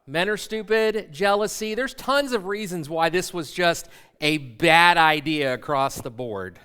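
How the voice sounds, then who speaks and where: A middle-aged man preaching a sermon, telling a personal story in an animated, self-mocking way. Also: a little high, unhurried, smooth. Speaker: pastor.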